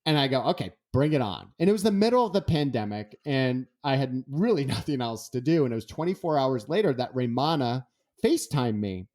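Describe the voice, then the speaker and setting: In an interview, a male guest author tells stories at a fairly quick pace in a mid-range voice, animatedly voicing the dialogue himself.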